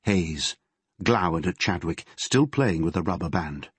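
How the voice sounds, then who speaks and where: A man narrating an audiobook in a measured storytelling manner. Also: deep voice, expressive, fairly bright tone, breathy edge, no echo. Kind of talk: scripted narration.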